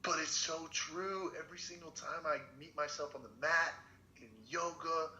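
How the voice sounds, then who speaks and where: A man's voice: a little high, steady tone, normal speed, bright, forceful tone. A man hosting a podcast, talking in a reflective way and thinking aloud as he asks questions. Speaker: podcast host. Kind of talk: casual interview. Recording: echoey dull room with faint noise.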